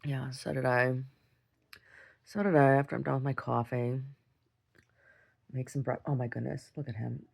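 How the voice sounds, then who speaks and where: Her bass voice is steady, a little mellow and husky, with vocal fry and long pauses at a moderate pace. This woman tells a long, meandering story in a casual video diary, restarting sentences and laughing often.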